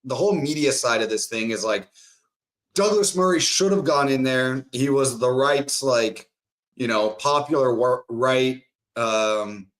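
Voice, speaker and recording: A man's voice: mid-range voice, unhurried. A man ranting profanely in a casual podcast chat. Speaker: podcast co-host.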